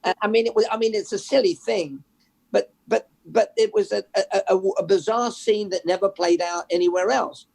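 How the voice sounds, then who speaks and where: An older man from England, a journalist guest, telling stories in a lively, conversational way with many restarts. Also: sits high, moderate pace, vocal fry. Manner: storytelling, animated, restarts with repeated words. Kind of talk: conversational interview.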